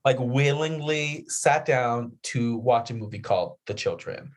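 A man co-hosting a podcast from the United States, chatting casually in a rambling, animated way. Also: mid-range voice, unhurried. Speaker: podcast co-host. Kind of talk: casual chat.

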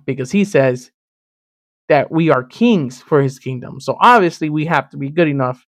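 A man from Miami hosting a sermon-style podcast, teaching in an emphatic, animated way and speaking straight to the listener. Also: fairly high pitch, moderate pace, dry recording, studio quality. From Miami, Florida. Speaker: podcast host and preacher.

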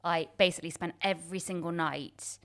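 A woman in her thirties telling a story in casual chat, self-deprecating and quick to laugh, with many restarts. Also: lowish voice, steady tone. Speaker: guest.

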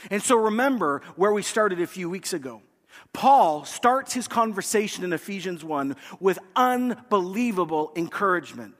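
A man's voice: high-pitched, animated, normal speed, fairly bright tone. A man preaching a sermon as pastor, telling a story and acting out the voices of the people in it. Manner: storytelling, acts out quoted voices. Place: church. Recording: reverberant church hall.

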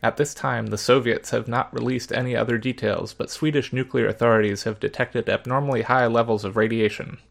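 A man's voice: mid-range voice, a little fast, vocal fry, few pauses. A man voicing a serious TV news anchor with a Midwestern American accent, reading the news evenly and formally. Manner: even, formal newsreading.

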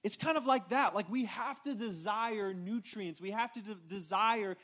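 Pastor, male, high voice, informal conversational sermon delivery, lots of restarts and check-ins with the room. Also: moderate pace, a bit bright. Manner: informal, repeats words and restarts, frequent "right?" checks with congregation. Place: church stage before a responding congregation.

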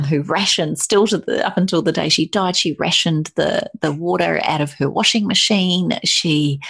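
A woman's voice: fairly low pitch, creaky, breathy edge. A middle-aged woman telling a personal story in conversation, emotional and full of restarts and quoted voices.

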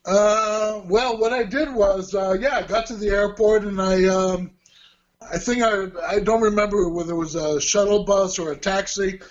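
A man's voice: high-pitched, fairly even intonation, normal speed, muffled recording. A man in his sixties, an interview guest, telling long rambling stories with frequent chuckles and self-corrections. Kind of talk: casual storytelling.

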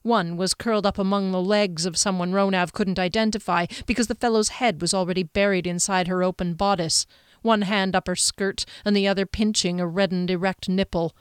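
A woman narrating a fantasy novel in a steady storytelling manner. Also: medium pitch, a little fast, clean tone, no room sound, clean studio sound. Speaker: audiobook narrator. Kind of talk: scripted narration.

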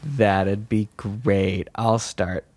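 A man hosting a casual podcast with friends, delivering dry deadpan jokes. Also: lowish voice, drawn-out words, no echo. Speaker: podcast host. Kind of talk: casual chat over beers.

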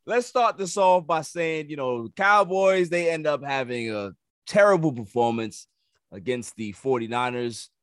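A man with a New York accent hosting a casual sports podcast, teasing his guest with drawn-out emphasis. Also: on the high side, dry recording, clean studio sound. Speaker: podcast host.

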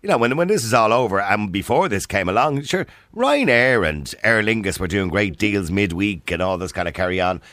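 A man's voice: lowish voice, very animated, fairly quick, few pauses, a bit bright, no echo. An Irish man hosting a radio phone-in, chatty and teasing, laughing often with his callers.

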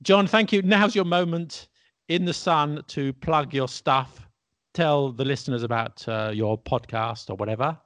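A man from England hosting a relaxed podcast conversation, laughing easily and trailing off at times. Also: mid-range voice, a little slow, dry recording. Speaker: podcast host. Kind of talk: casual conversation.

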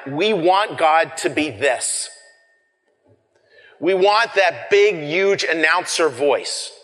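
Conversational preacher with a big-hall echo. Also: male voice, fairly high pitch. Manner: swings from shouting to hushed whispers for effect; repeats words and restarts, conversational. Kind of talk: sermon. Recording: long reverb of a hall.

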